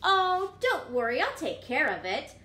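A woman's voice: high voice, sing-song, measured pace, slight background noise, full character voice. Woman voicing a whiny little pigeon. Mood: excited. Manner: pleading and whiny, loud bursts. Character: eager, demanding little male pigeon, bird who pouts. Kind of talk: picture book read-aloud. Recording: echoey room.

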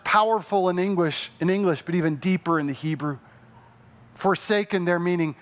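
A middle-aged man preaching a sermon as a pastor, earnest and slowing down, growing softer to stress key words. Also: sits high.

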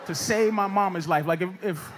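A man doing a loud, animated stand-up set, jumping into shouted put-on voices. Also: high voice, moderate pace. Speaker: stand-up comedian. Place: comedy club stage before a laughing crowd. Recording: live club recording, loud crowd and noise. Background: audience laughter.

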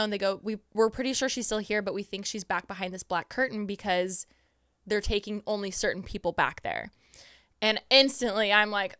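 A young woman guest on a podcast, telling an excited story in casual chat, full of fillers and acted-out quotes. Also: medium pitch, quick pace, clean tone, dry recording, studio quality.

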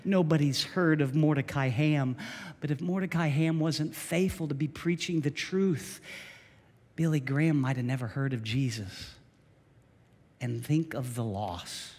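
A man preaching with energy, his voice set a little higher than most men's, hammering home short repeated phrases. His words carry through a church with a long, lingering reverb. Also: measured pace, darkish tone, husky. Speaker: pastor. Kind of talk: sermon. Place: church sanctuary.

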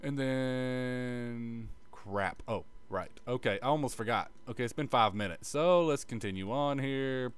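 This gaming creator's voice is smooth and mid-range, moving a little slowly. Casually teaching a game as he plays, he swears, mumbles to himself, and hums bits like "bop bop," all with a dismissive, self-mocking air.

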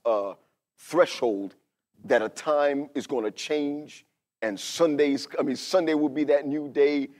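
A man in his fifties preaching a sermon as a pastor, talking to the congregation conversationally and swinging from hushed asides to loud, emphatic passages. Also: medium pitch. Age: 50s.

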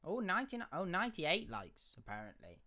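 Excitable man streaming a game. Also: sits high, a little fast. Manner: excitable, chatty, sing-song muttering. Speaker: gaming livestreamer. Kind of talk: live gameplay commentary. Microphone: desk mic, no headset. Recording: game sound clearly behind the voice.

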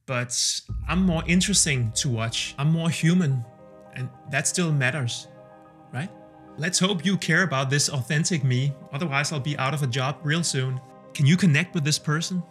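A man's voice: on the high side, moderate pace, a bit bright. A man, talking casually and candidly with a self-deprecating streak as he tests AI tools for a vlog. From Denmark. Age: 30s. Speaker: video creator testing AI tools. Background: faint background music.

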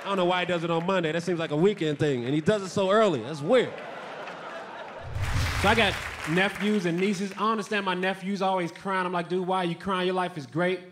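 A man doing a stand-up comedy routine on a club stage, telling stories in a dry, deadpan way with sudden shouted punchlines. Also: sits high, fairly quick, a crowd in the background. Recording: noisy live comedy club.

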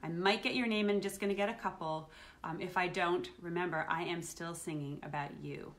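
Reading a picture book to kids on a livestream from her home, this middle-aged woman is animated and playful, acting out each feeling. She speaks briskly in a fairly low pitch.

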